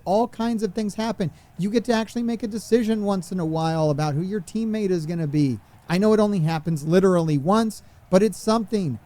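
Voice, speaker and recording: A man's voice: sits high, dark tone. A man streaming a wrestling video game, commenting on it in a frustrated, ranting way and swearing. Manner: exasperated, swearing rants. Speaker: gaming streamer. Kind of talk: gameplay commentary.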